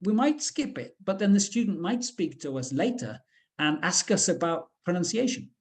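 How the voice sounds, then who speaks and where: A man's voice: sits high, sing-song, normal speed. A man from the UK presenting a teacher-training webinar, talking in a chatty way with frequent fillers.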